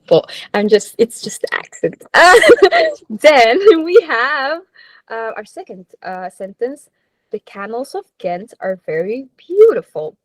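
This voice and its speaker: A woman's voice: mid-range voice, sing-song, measured pace, no echo, low-quality recording. A woman, co-hosting a live radio show, reading listener comments and teaching phrases in a chatty, laughing way. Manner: chatty, laughs often, sprinkles polite Filipino particles.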